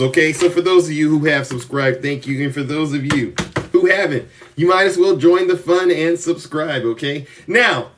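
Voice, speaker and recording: Boastful, high-voiced male live streamer. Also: recorded from a distance. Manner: boastful, theatrical, rising to shouts. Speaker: political commentary streamer. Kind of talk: live-stream political commentary.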